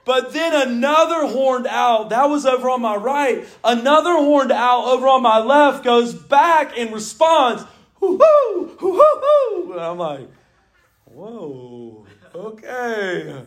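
A man, preaching an animated sermon in church as the pastor, telling stories and reading scripture. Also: very high-pitched, a little slow, few pauses. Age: 40s. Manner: animated storytelling preaching, mimics owl calls.

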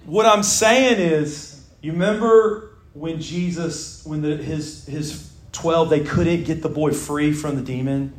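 A middle-aged man preaching a casual, animated sermon, joking and talking to his listeners like friends. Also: on the high side, slow. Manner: animated, jokey, conversational with laughs and asides.

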